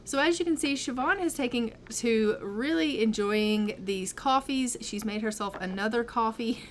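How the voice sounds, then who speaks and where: A woman's voice: a little high, unhurried, a little hiss or hum. A woman casually narrating her gameplay in a chatty, rambling way with frequent ums. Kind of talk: casual let's-play narration.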